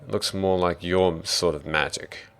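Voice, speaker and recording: A man's voice: low-pitched, steady tone, unhurried, a bit bright, clean tone. A man doing a cautious dragonborn cleric. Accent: Australian. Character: steady male dragonborn cleric.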